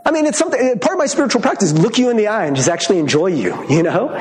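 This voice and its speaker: A man preaching a sermon as pastor, talking in a conversational, animated way and laughing often. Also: high voice, racing, roomy sound, long reverb tail, a little hiss or hum. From Michigan.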